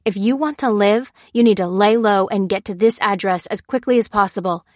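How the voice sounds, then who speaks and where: A woman's voice: mid-range voice, brisk, darkish tone, no echo, studio quality, natural voice. Lucy, read by a woman as an urgent commanding woman. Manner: firm, clipped warnings.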